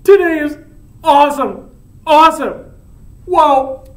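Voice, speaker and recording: A man's voice: high voice, slow pace, voice pushed up. A man voicing a giddy young man in love, gushing and laughing in surfer-dude slang, heard in a roomy space from far off.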